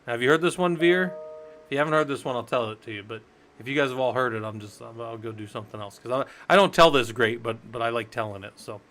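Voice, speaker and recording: Talking fast in a mid-range, fairly bright voice, an American man runs a live-streamed Linux class, and there's a little hiss or hum in the audio. He addresses his chat viewers casually, rambling and telling stories with acted-out quotes.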